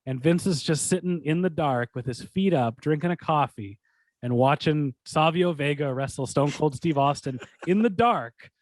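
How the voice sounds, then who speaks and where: A man co-hosting a sports podcast, telling stories in a rambling, animated way full of restarts. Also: a little high, moderate pace, no echo. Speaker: podcast co-host. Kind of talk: casual sports talk.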